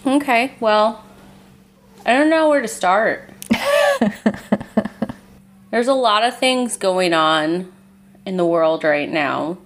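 A woman co-hosting a casual chat podcast, talking in halting bursts that restart mid-sentence and with some swearing. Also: medium pitch. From United States. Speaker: podcast co-host.

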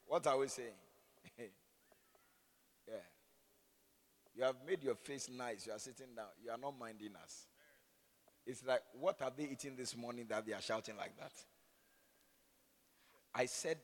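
A man's voice: medium pitch, normal speed, long pauses, slight background noise. A man, a preacher who leads prayer and then teases his congregation in call-and-response. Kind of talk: sermon with opening prayer. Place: church hall. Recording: long church hall reverb.

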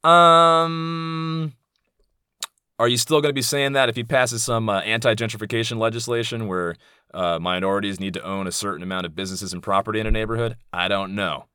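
A man in his thirties talks straight to his podcast audience in a loose, unscripted monologue. His voice sits low but comes out bright and forceful, with a dry, close sound. He is candid and blunt, swears without hesitation and drifts into asides. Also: fairly even intonation, fairly quick, smooth, no room sound. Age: 30s. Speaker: podcast host. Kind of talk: casual monologue.

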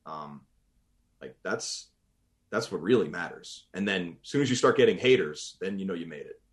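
Lively-voiced man from Boston. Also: sits low, moderate pace. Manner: rambling, self-interrupting, laughs easily. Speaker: voice actor guest. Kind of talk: casual interview chat.

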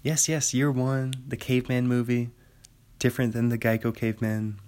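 A man's voice: medium pitch, level tone, normal speed, a little mellow, smooth. Rambling young man hosting a podcast. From Washington state, US. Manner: rambling, chatty, laughs easily. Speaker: podcast host. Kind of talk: casual solo chat.

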